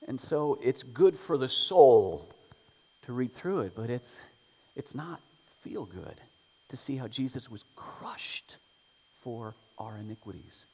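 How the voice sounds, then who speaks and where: A man preaching an Easter sermon, moving between soft prayer and loud, emphatic points. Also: mid-range voice, lively intonation, takes it slowly, husky. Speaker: pastor. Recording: long reverb from a large room.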